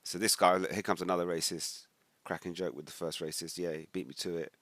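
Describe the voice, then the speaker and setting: Low-voiced British man, dry close sound. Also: steady tone, fast, a bit bright, dry recording. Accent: British English. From United Kingdom. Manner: conversational, rambling, reads comments aloud. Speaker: religious commentator. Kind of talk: casual commentary reading social media posts.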